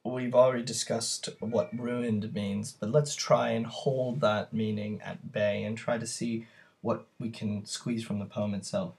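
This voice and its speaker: A man's voice: on the low side, flat delivery, unhurried, creaky, darkish tone. A man teaching a poetry lesson, talking it through thoughtfully and searching for words as he explains.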